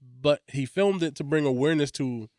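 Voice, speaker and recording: Rambling podcast man, slightly high voice. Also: moderate pace, darkish tone, no echo, studio quality. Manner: rambling, frequent restarts, heavy swearing. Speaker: podcast co-host. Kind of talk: casual podcast chat.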